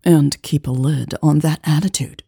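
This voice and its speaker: A woman's voice: sits low, fairly even intonation, normal speed, creaky, mellow, husky, no echo, studio quality, heavily acted. Woman voicing a stern seasoned intelligence officer. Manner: stern, cool.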